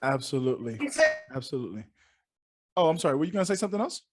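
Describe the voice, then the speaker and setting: A man's voice: medium pitch, very animated, racing, very noisy. A man hosting a student mentoring podcast, upbeat and effusive, repeating words for emphasis. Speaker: host. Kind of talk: casual podcast chat.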